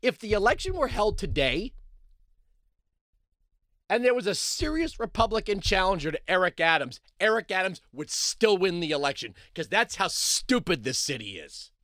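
A man hosting a talk radio show, delivering a sarcastic, mocking monologue that swings between loud outbursts and low mutters. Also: sing-song, normal speed, no echo, clean studio sound.

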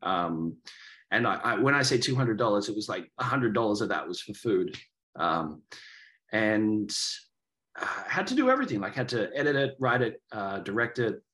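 A man's voice: fairly low pitch, big pitch swings, normal speed, fairly bright tone. A man in his thirties from Australia, with a faded Australian accent, chatting as a podcast guest in a rambling way, full of fillers and restarts. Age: 30s. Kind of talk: casual interview chat.

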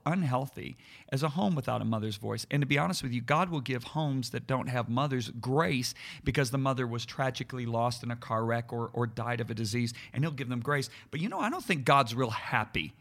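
A man's voice: mid-range voice, fairly quick, vocal fry, fairly bright tone. A middle-aged man preaching earnestly in conversation, stressing words and repeating himself as he builds each point. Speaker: preacher and podcast co-host.

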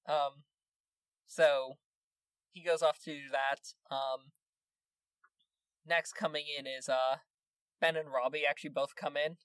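Man running a tabletop game in a laid-back, filler-heavy style. Slightly high voice, dry close-mic sound with no room echo. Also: takes it slowly, long pauses, smooth. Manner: relaxed, filler-heavy narration. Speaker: game master.

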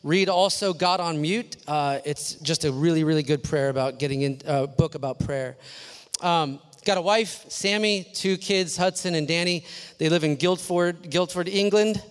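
High-voiced man introducing a guest preacher. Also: moderate pace, clean tone. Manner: enthusiastic, casual, with fillers. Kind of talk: introduction in a church service. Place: large church auditorium. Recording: long church hall reverb.

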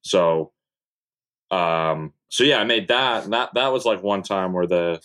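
A man's voice: low voice, measured pace, a bit bright. A young man, a content creator guesting on a podcast, talking in a laid-back, rambling way with casual swearing and lots of fillers. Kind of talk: casual interview chat.

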